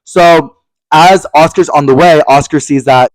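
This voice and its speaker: A young man co-hosting a podcast, telling a story in casual chat, animated and swearing a lot as he acts out angry quotes. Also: on the high side, measured pace, no room sound, poor audio. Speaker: podcast co-host.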